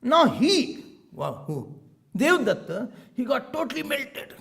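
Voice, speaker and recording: A man tells a sacred story in a sermon, with a high and gravelly voice. His pitch swoops widely as he acts out the people in the tale. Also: very animated, slow pace, fairly bright tone. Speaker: swami giving a spiritual discourse.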